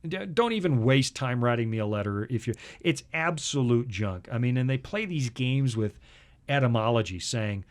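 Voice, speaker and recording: A male talk show host at a mid-range pitch, chatting with his co-host in an easy, joking way. He shifts into a confident, firm lecture on scripture and history. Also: normal speed. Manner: jokey, lively storyteller who lectures with conviction. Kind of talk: casual Bible talk show chat.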